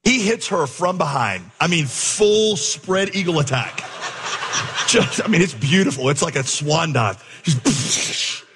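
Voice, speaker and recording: Preacher, male, somewhat high and husky, animated storyteller, big hall reverb. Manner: animated storyteller, acts out dialogue. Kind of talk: sermon with storytelling.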